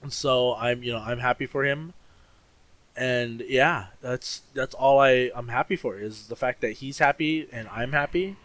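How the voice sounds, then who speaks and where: A young man chats loosely as he games, answering viewer questions. He is expressive, and his sentences wander, stop and restart around fillers. His voice sits in an ordinary middle pitch. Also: measured pace, no echo, low-quality recording. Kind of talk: casual Q&A while gaming.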